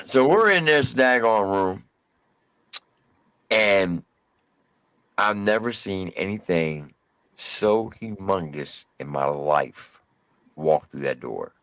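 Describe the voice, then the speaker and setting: A man co-hosting a live stream, telling a story casually with drawn-out emphasis and mild cursing. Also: low-pitched, lively intonation, fairly bright tone, no room sound.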